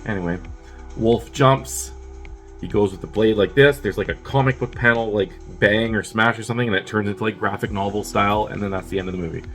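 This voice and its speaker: A man's voice: fairly low pitch, a little fast, fairly bright tone, soft background music. A man who is sick with a cough, casually reviewing a movie in a rambling, chatty way with wry asides.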